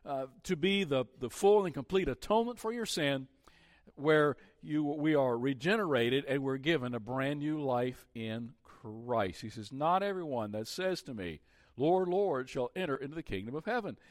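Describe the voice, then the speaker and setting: A man preaching a sermon as pastor, earnest and measured, often pausing on "uh" and restarting his phrases. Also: medium pitch, lively intonation, dry recording, studio quality.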